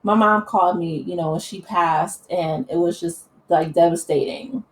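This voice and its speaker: A woman's voice: on the low side, normal speed, rough recording. A woman vlogger giving impassioned, earnest opinion commentary, with many fillers and restarts.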